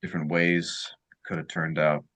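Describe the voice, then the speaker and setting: A man's voice: extremely low pitch, flat delivery, moderate pace, a bit bright. A man voicing a sleepless, wry young man in a tabletop role-play, talking in a dry, musing way.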